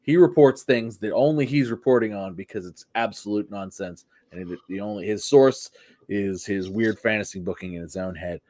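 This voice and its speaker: A man's voice: on the low side, normal speed. A man co-hosting a wrestling podcast, chatting casually with a sarcastic edge. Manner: animated, sarcastic. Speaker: podcast co-host. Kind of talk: casual chat.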